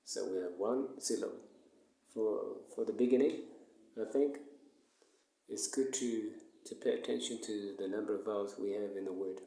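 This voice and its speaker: Male English teacher, low and mellow, patient, repeats each word, roomy echo. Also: vocal fry. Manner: explains slowly, repeats words and counts syllables aloud. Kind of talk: recorded online lesson. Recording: echoey room.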